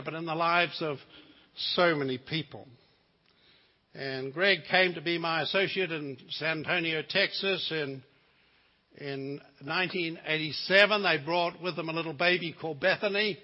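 An older man with a New Zealand accent preaching a sermon as a guest preacher, telling stories with humor and asides. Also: a little high. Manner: folksy storytelling with asides and humor. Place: church sanctuary. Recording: lo-fi sound in a reverberant church.

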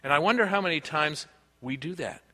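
Bright-voiced man preaching in a hall. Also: a little high, lively intonation, brisk. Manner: earnest, conversational preaching with personal stories. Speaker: pastor. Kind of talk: sermon. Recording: long reverb of a large hall.

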